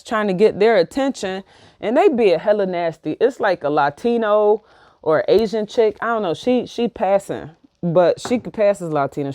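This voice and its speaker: A woman, telling a personal story in a casual, slangy, profane and animated way. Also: medium pitch, no echo, clean studio sound. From New York. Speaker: vlogger.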